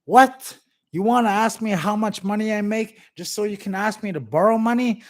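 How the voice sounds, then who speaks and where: A man voicing a stressed working father who loses his temper, shouting with indignation. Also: medium pitch, moderate pace, no room sound, close to an everyday voice. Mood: angry. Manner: yelling, indignant.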